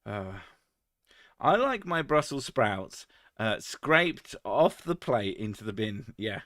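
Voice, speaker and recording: A man's voice: fairly low pitch, big pitch swings, slow pace, fairly bright tone, no room sound. Sweary man streaming, dry sound. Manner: sweary, crude joking, laughs often. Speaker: streamer reading chat. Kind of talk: casual live-stream chat.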